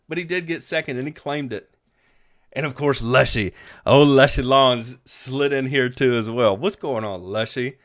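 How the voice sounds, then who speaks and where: A man's voice: mid-range voice, normal speed, fairly bright tone. A man hosting a live lawn care show, upbeat and folksy, greeting viewers by name and chatting casually. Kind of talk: live-stream chat with viewers.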